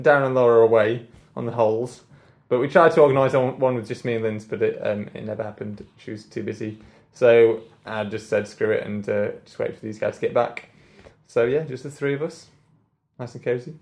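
A man's voice: medium pitch, a little mellow. A man hosting a film podcast among friends. He talks loosely and casually, swearing now and then and trailing off mid-thought, in an ordinary mid-range voice. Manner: chatty, swears freely, trails off. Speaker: podcast host. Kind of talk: casual chat.

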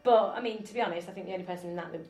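A woman's voice: on the low side, very fast, a little mellow, echoey room, soft background music. A woman co-hosting a casual film chat, chatty and opinionated, often laughing. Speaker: film podcast co-host.

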